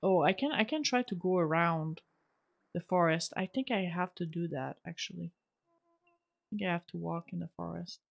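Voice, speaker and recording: A woman streamer giving soft-spoken, chatty commentary while playing a game, often restarting her sentences. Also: lowish voice, normal speed, creaky, lo-fi sound.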